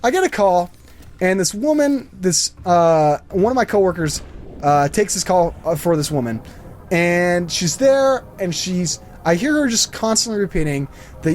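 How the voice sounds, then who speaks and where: Guy chatting over his game, rambly storyteller, super bouncy pitch. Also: unhurried, a little hiss or hum. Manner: rambling, animated storytelling with many fillers. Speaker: gaming channel host. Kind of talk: casual commentary over gameplay.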